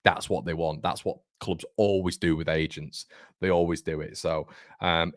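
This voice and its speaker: Chatty deep-voiced man talking football. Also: moderate pace, a bit bright, no room sound, studio quality. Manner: chatty, emphatic, joking asides. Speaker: fan channel host. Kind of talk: casual football commentary to camera.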